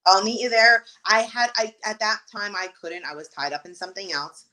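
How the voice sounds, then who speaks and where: A woman's voice: medium pitch, fairly quick, poor audio. A woman, a real estate agent and guest, telling work stories in casual interview talk with exasperated asides. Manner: animated storytelling, exasperated asides.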